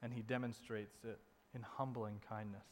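A man preaching a sermon in a conversational way, dropping soft and low to stress a point. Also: flat delivery, normal speed, a little hiss or hum. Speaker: pastor. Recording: long reverb in a hall.

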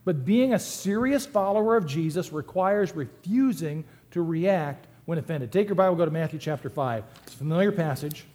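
A man's voice: on the high side, moderate pace, hardly any pauses. A man preaching a sermon in a conversational, joking way, rising and dropping his voice for effect. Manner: humorous, conversational, lively swings in loudness. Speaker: pastor.

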